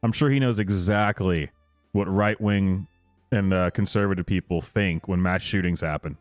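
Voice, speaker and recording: A man's voice: sits low, moderate pace, dry recording, faint music behind. A man hosting casual reaction commentary, sarcastic and mocking, laughing often. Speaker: commentary host.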